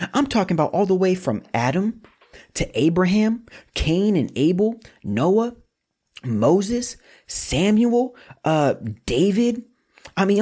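A preacher with a husky, slightly rough voice gives a relaxed, conversational sermon. The pitch sits in the middle, and the talk is informal, with restarts and slangy asides. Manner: casual, repeats words, informal slang.

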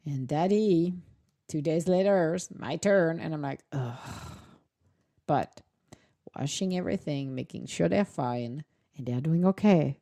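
A woman's voice: deep voice, a little slow, creaky, warm tone, no echo. A woman chatting casually in a vlog, telling stories animatedly, with laughter and acted-out quotes. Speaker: vlogger, dog owner. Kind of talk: casual chat.

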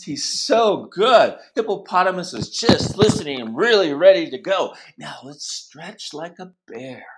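A man leading a playful gymnastics class for children, cheering them on, counting out stretches and roaring like animals. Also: high voice. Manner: animated, encouraging, sing-song counting; cheerful praise and animal roars. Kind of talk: playful kids' class role-play.

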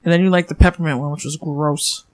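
A woman's voice: low voice, fairly even intonation, fast. A woman co-hosting a casual beer-tasting chat, teasing and joking with her friends. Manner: teasing, jokey.

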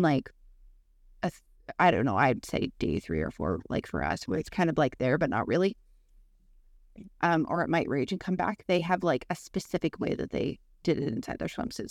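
Animated young woman telling stories. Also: fairly low pitch, no room sound, studio quality. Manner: lively, swears freely, acts out quoted voices. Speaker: podcast co-host. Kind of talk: casual storytelling chat.

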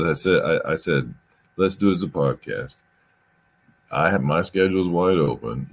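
Man, podcast host, very low husky voice, lively pitch, rambling and profane. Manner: rambling storyteller, repeats words, swears. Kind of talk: casual chat.

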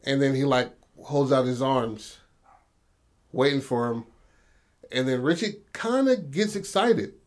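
A man's voice: mid-range voice, lively intonation, a little slow, long pauses. A man co-hosting a podcast, telling a story in a rambling, casual way and swearing freely. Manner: rambling, full of "you know what I mean", swears freely. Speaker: podcast co-host.

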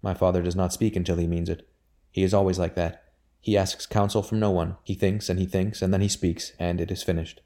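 A man reading a gentle, dutiful young gentleman. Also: low voice, flat delivery, brisk. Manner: gentle, subdued.

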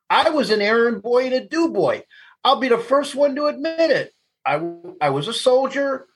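A man's voice: extremely high pitch, breathy edge, low-quality recording. A man, a guest telling blunt, profane stories in an interview. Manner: blunt, profane, laughs through anecdotes. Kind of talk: candid storytelling interview.

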